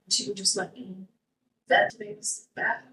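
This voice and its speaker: A woman's voice: medium pitch, sing-song, measured pace, creaky, a crowd in the background. Woman, interview guest, rambling, distant mic, roomy. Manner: rambling, with many restarts and fillers. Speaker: guest, cancer survivor. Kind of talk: casual conversational interview.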